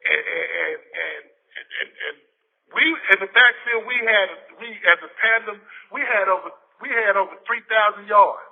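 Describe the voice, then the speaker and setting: A man in his fifties from Texas, with a husky and fairly high voice, tells stories in a casual interview. He is animated and keeps stumbling over and repeating words as he gets going. The sound is thin and phone-like. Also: normal speed. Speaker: interview guest, former football player. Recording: tinny phone-like lo-fi audio.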